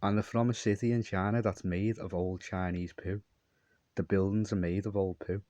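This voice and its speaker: A man's voice: deep voice, flat delivery, moderate pace, mellow, no room sound. A man telling a long, meandering story in a repetitive monologue. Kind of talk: rambling monologue.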